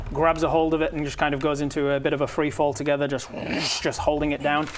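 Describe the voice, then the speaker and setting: Male game master, fairly high voice, lively narration, laughs often. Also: fairly quick, slight background noise.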